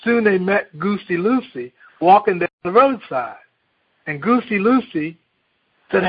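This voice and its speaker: A male pastor preaching a sermon, telling a children's story in a folksy, animated way before reading scripture. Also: sits high, unhurried, breathy edge. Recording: dull lo-fi recording.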